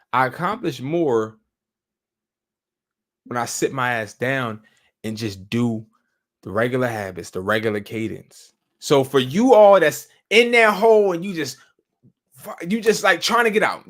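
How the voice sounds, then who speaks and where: A man's voice: a little high, a bit bright. A man hosting a live stream, chatting casually and telling stories in loose slang with profanity. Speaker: host.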